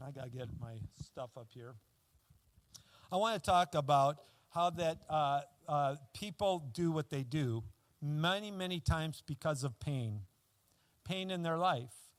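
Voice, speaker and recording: Male pastor, sermon, chatty storytelling, high voice, dry close sound. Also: dry recording. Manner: conversational storytelling with many fillers and restarts.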